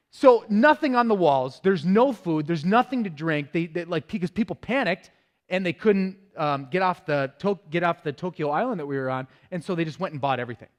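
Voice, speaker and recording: A man from Minnesota, an Army veteran speaking at a church, telling a funny story in an animated, self-deprecating way and laughing as he talks. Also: a little high. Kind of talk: humorous storytelling talk.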